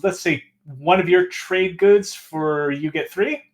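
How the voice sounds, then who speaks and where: A man with a fairly high voice chats casually at the game table. He haggles over trades hesitantly, filling pauses with ums while he works out the math aloud. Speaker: board game player.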